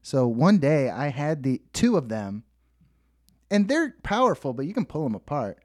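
A man's voice: fairly high pitch, very animated, normal speed, a little mellow, dry recording, studio quality. A man co-hosting a podcast, telling rambling stories in casual chat, laughing at himself and acting out quotes. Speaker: podcast co-host.

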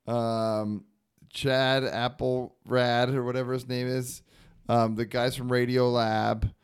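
A man's voice: mid-range voice, little pitch movement, slow, clean tone. Dry-joking man in podcast banter. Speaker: podcast co-host. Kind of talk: casual chat.

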